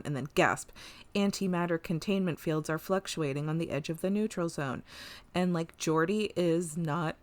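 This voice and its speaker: A woman's voice: fairly low pitch, moderate pace. A woman co-hosting a podcast, recapping an episode in casual chat, swearing freely and acting out quoted lines. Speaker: podcast co-host.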